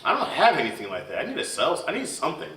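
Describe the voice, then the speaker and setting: A man chatting on a podcast, joking and telling stories with a lively, swinging pitch and a bright, forceful tone. He sits a little off the mic in a roomy, echoey space. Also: racing, recorded from a distance. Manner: joking, animated storytelling. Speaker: podcast co-host. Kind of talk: casual podcast chat.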